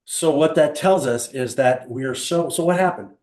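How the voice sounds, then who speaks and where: Older man, seminar teacher, animated storyteller, rhetorical questions, small roomy room. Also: fairly high pitch, normal speed. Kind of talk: live motivational seminar talk. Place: small room with live audience.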